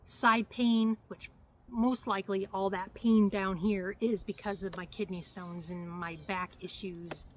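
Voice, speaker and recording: A woman's voice: mid-range voice, fairly even intonation, measured pace, rough recording. Middle-aged woman, casual rambling vlogger, flustered, slight cough, faint background hiss. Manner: rambling, flustered, many fillers. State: hacky cough, short of breath. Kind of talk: casual health update vlog.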